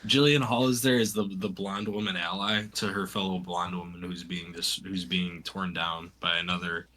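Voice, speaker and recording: A man's voice: low voice, flat delivery, normal speed, pushed and bright, a little hiss or hum. A man co-hosting a casual wrestling podcast, wry and sarcastic, swearing casually as he picks apart the booking. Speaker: podcast co-host. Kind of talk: casual wrestling recap chat.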